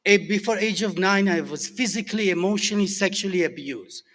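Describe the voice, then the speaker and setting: Middle-aged Persian-accented man, earnest halting recovery share, slightly high voice, long hall reverb. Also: fairly bright tone. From Iran. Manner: halting, many fillers and restarts, earnest. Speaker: recovery alumni speaker. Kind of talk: personal recovery share to a group.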